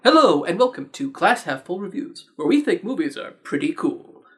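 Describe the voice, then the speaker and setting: A man's voice: high-pitched, sing-song, moderate pace, very noisy. A man hosting his own movie review channel, talking in a casual, chatty way with playful, sarcastic asides.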